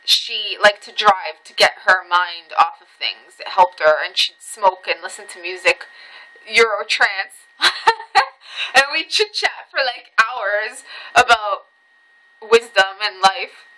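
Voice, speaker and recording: A woman vlogger casually telling a personal story, swearing freely and jumping high in pitch at the tense parts. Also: slow pace, rough recording. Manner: animated, swearing, voice jumps high when reliving tense moments.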